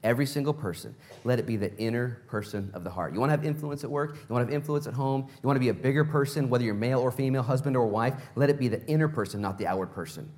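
A man's voice: medium pitch, rapid-fire, few pauses, a little mellow. A male pastor preaching a sermon in a casual, conversational way, full of rhetorical questions.

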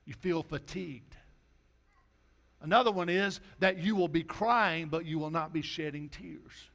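Man, pastor, folksy sermon, slightly high voice, soft quoted asides. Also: measured pace, creaky.

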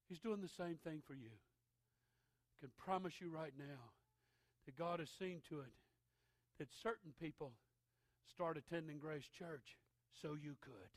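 A middle-aged man preaching a sermon, swinging from shouted preaching to hushed intensity, with a gravelly voice. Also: fairly high pitch, dry recording. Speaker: pastor.

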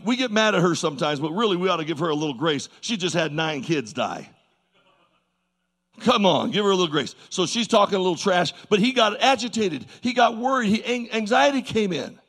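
A male preacher delivers a sermon to his congregation in a lively, folksy way, repeating his points for emphasis. His voice sits fairly high and carries a gravelly edge. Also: brisk. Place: church service before a congregation.

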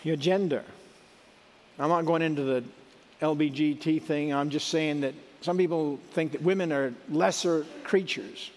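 A man's voice: fairly high pitch, steady tone, moderate pace, long reverb tail. A middle-aged man giving a sermon in a conversational, folksy way, with asides and restarts. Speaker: preacher.

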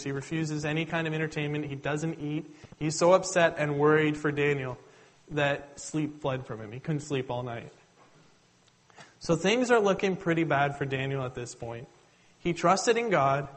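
A man preaching a sermon, retelling the story in a conversational, animated way and addressing listeners directly. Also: on the high side, rough recording.

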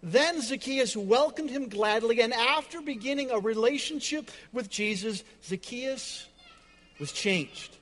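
Emphatic high-voiced male pastor preaching. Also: animated, measured pace, fairly bright tone, big-room sound. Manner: dramatic, emphatic repetition. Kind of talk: sermon. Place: church.

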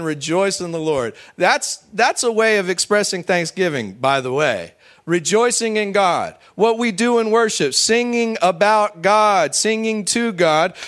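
A middle-aged man preaching a sermon, swinging between loud, high bursts and quiet, low asides, and acting out quoted voices in a raised pitch. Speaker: pastor.

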